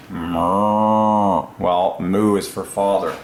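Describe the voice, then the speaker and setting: A man hosting his own channel, talking alone in a casual, excited way, musing aloud and laughing to himself, recorded on a lapel mic. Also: on the low side, roomy sound, slight background noise, rough recording. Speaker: religious channel host. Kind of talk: solo casual commentary.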